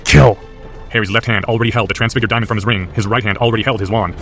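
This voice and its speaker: A man reads a story aloud at a very fast clip, intense and driven. His voice sits on the low side. Soft music plays under the narration. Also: fairly even intonation. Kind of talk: audiobook narration of fan fiction.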